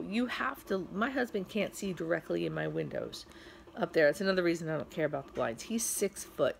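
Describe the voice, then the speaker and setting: A woman's voice: fairly low pitch, vocal fry, slight background noise. A tired middle-aged woman vlogging from home, telling a rambling story with lots of fillers. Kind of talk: casual storytelling vlog.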